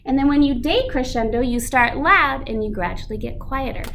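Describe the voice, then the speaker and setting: A woman teaching an elementary music lesson, reading a picture book aloud with animated expression. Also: high-pitched, moderate pace, vocal fry, slight background noise.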